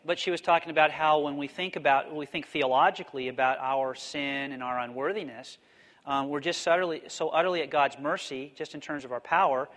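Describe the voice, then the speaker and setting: Higher-voiced man lecturing in a hall. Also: fairly bright tone. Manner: thoughtful, explanatory, restates questions. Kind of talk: theology lecture with Q&A.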